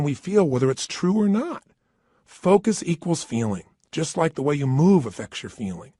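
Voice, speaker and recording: Husky, animated motivational speaker man. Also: a little high, normal speed, no room sound, studio quality. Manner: emphatic, with rhetorical questions to the listener. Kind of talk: energetic motivational talk. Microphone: standing and speaking into a microphone.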